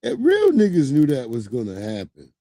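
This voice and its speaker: A man's voice: medium pitch, normal speed, no room sound. A man in his thirties hosting a livestream, giving loose, profane, casual commentary on news clips. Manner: loose, profane, animated storytelling. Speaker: livestream host.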